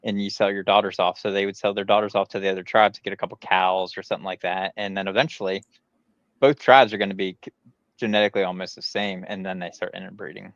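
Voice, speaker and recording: Low-voiced lecturing man on a dull mic. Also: flat delivery, fast, fairly bright tone, no room sound. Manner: lecturing, profane. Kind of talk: casual crude chat.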